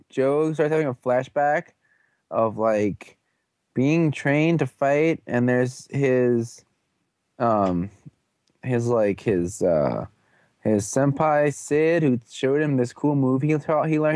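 A man's voice: medium pitch, slow pace, a little mellow, no echo. A young man casually recapping a TV episode, rambling and playful, full of slangy asides and goofy quoted voices.

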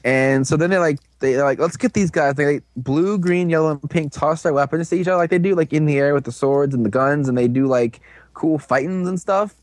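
A man in casual chat, animatedly recapping a show and tossing in quick voiced quotes between laughs. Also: a little high, dry recording.

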